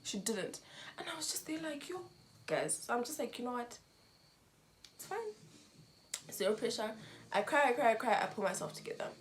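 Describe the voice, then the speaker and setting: A woman's voice: fairly high pitch, moderate pace, long pauses, slight background noise. A young woman from Zimbabwe telling a storytime vlog, recounting events with emotion and acting out what people said. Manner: emotional, animated retelling with quoted dialogue. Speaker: vlogger.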